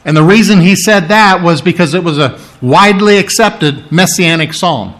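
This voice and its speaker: A man's voice: sits high, moderate pace, fairly bright tone. A man preaching a sermon, teaching through a Bible passage emphatically, reading its lines with dramatic emphasis.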